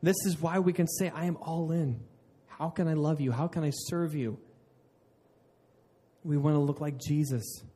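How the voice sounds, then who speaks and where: A man's voice: fairly high pitch, fairly even intonation, normal speed, warm tone, breathy edge. A man preaching a sermon in an earnest way, often restarting mid-phrase and laughing at himself. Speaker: pastor.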